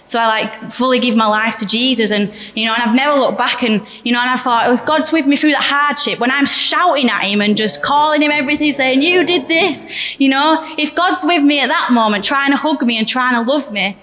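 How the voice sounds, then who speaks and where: A woman's voice: high-pitched, a little fast, fairly bright tone. A young woman giving a candid, chatty personal testimony in church, often laughing. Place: church hall. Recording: echoey church hall reverb.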